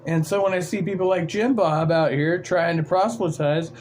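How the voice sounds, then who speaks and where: A man's voice: high voice, fairly even intonation, normal speed, noisy background. A man hosting a livestream, ranting in an irritated, profane, sarcastic way. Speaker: livestream host. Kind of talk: casual livestream rant.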